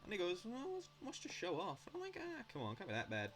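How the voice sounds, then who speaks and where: A man's voice: sits high, huge pitch swings, quick pace, over music. A young man rambling in a casual monologue while building in a game, blunt and chatty, swearing now and then. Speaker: Minecraft builder vlogging.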